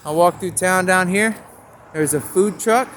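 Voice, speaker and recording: A man's voice: high-pitched, a little slow, fairly bright tone. A man rambling outdoors in a free-associating monologue, riffing on store signs and making puns as he goes. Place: outdoors on a town street. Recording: faint street noise outdoors.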